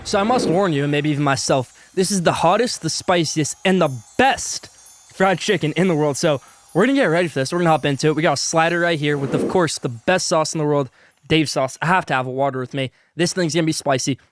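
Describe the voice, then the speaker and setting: A man's voice: a little high, fast, a little hiss or hum. Hyped male sports podcast host. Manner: hyped, salesy, talks with food in mouth. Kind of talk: sponsored hot-takes segment while eating.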